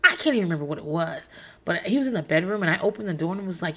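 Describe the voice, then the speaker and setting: A woman's voice: medium pitch, animated, fast talker, fairly bright tone. A young woman telling candid, profane stories in casual chat. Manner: candid and profane, storytelling with laughs.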